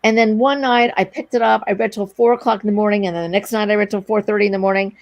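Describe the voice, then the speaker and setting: A woman's voice: mid-range voice, fast, dry recording. A middle-aged woman telling a long anecdote in a casual interview, acting out the other people's lines as she goes. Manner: animated, breathless anecdote telling with quoted dialogue. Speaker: guest, entrepreneur.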